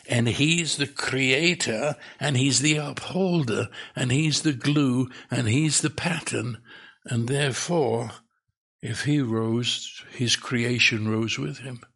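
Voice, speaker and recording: A male preacher with a gravelly, husky voice delivers an unhurried sermon. He repeats words for emphasis and lifts his pitch as his excitement builds.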